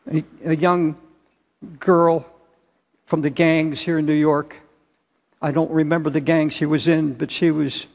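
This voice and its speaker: Earnest older preacher in a reverberant church. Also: male voice, a little high. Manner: earnest, halting with restarts, rising to loud emphasis. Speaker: pastor. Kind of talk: sermon. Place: large church auditorium. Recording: long hall reverb.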